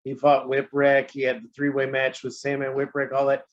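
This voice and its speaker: A man's voice: medium pitch, monotone, moderate pace. A man hosting a casual interview, chatty and given to long rambling questions. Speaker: podcast host. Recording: dull lo-fi audio.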